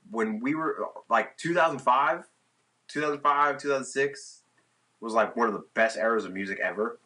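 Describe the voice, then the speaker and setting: Young man, low voice, bright and forceful tone, swears a lot, casual podcast storytelling. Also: slightly rough, poor audio. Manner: profane, animated, acts out his own past lines. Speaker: podcast guest, touring musician.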